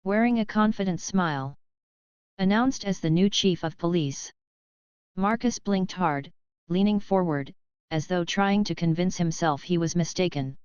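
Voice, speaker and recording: Give me a woman narrating a story in a steady, very smooth voice, with a dry, dull recording. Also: on the low side, measured pace, no echo.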